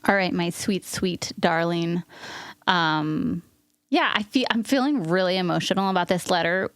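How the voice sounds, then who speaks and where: A woman's voice: lowish voice, moderate pace, a bit bright, clear, resonant tone, dry recording. A woman co-hosting a podcast in casual chat, earnest and openly emotional, rambling with restarts. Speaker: podcast co-host.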